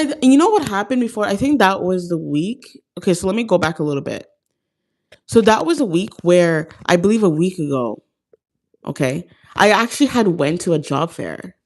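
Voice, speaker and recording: A woman's voice: mid-range voice, darkish tone. A young woman chatting casually, telling a personal story full of "like" and "um" and acting out what people said. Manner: chatty, heavy use of "like" and "um", acts out quotes. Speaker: vlogger.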